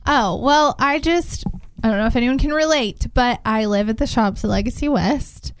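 A woman co-hosting a casual chat show, telling a story in an animated way and laughing often. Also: a little high, normal speed, smooth, no room sound. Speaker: co-host.

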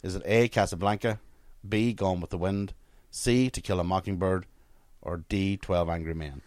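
A man's voice: low voice, steady tone, moderate pace, a little mellow, dry recording. A man hosting a casual podcast quiz, reading questions out amid swearing banter and laughter.

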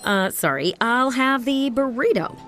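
An actress playing an offhand customer in an ad who talks casually while ordering. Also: female voice, fairly high pitch, animated, a little slow, fairly bright tone, faint music behind. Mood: breezy. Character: casual young woman customer ordering while buying a car. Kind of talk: acted ad dialogue.

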